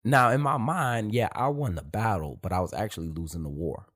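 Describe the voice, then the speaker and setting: A man's voice: lowish voice, fairly quick, a bit bright. A man telling profane stories from his time in the military in casual street slang. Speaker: host. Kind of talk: casual storytelling monologue.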